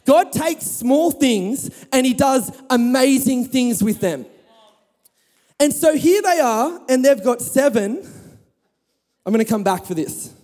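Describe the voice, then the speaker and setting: A man pastor preaching a sermon to a congregation, telling a Bible story with humor and lively emphasis. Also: extremely high pitch, takes it slowly, big-room sound. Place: church hall with audience.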